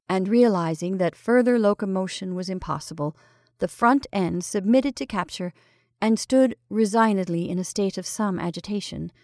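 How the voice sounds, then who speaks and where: A woman reading a classic short story aloud in a measured, expressive storytelling style. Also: medium pitch, dry recording, clean studio sound. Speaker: story reader. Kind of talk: scripted storytelling narration.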